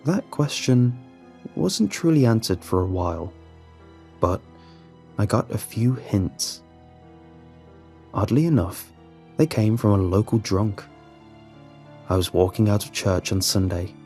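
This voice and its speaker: A man narrating a first-person horror story in a measured, steady storytelling manner. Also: fairly low pitch.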